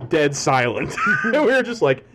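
A man's voice: on the high side, sing-song, moderate pace, noisy background. A man chatting casually with friends, giggling and chiming in between their stories. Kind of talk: casual chat.

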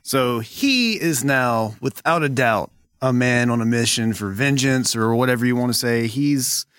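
A man co-hosting a casual comic book podcast who makes relaxed, joking asides. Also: medium pitch, unhurried, smooth, dry recording, studio quality. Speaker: podcast co-host.

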